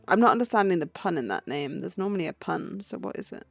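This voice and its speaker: A chatty woman streamer teasing her viewers between bits of a game. Her voice sits at an ordinary pitch, with a dry, close sound and faint music behind. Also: lively intonation, fast talker, gravelly, hardly any pauses, dry recording. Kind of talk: casual chat during a game playthrough.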